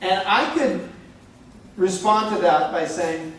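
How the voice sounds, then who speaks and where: A man's voice: high voice, takes it slowly, long pauses. Guy joking through a church marriage talk, heard from across a roomy hall, faint hum behind. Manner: animated, joking, many "okay?" and "like". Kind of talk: relaxed storytelling talk. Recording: echoey room from far off.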